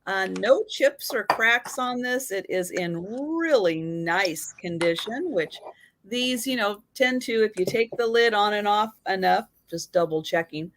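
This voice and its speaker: A woman hosts a live vintage sale in a relaxed, unhurried voice of middling pitch. She walks through each item with careful, detailed description. Along the way she greets her viewers by name. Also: slight background noise. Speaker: live sale host selling vintage items. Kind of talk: casual live-stream sales chat.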